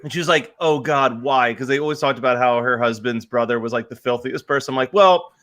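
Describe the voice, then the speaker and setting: A man's voice: medium pitch, fast, a bit bright. A young man with a Pennsylvania accent, co-hosting a casual chat and telling stories with a lot of laughing. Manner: laughing, rambling storyteller. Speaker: podcast co-host.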